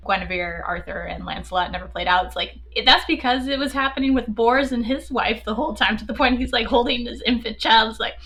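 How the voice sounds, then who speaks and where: A woman's voice: fairly high pitch, fast talker, hardly any pauses, a bit bright. A woman co-hosting a podcast, chatting about a movie and acting out scenes she remembers. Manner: chatty, quotes scenes, restarts a lot. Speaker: podcast co-host. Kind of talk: casual film discussion.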